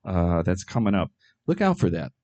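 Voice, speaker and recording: A middle-aged man doing a stand-up comedy set, delivering absurd jokes in a deadpan way with frequent ums and uhs. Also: low-pitched, normal speed, muffled recording.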